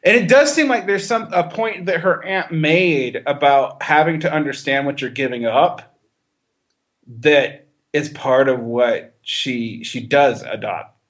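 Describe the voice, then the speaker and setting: Unhurried and on the high side, this podcast co-host's slightly bright voice carries reverb. He discusses a film conversationally, frequently restarting his sentences and laughing now and then.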